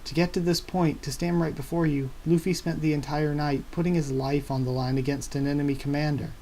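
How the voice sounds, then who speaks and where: A man's voice: a little high, level tone, fairly quick, mellow, a little hiss or hum, natural voice. A man reading as a tearful young woman navigator. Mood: pleading.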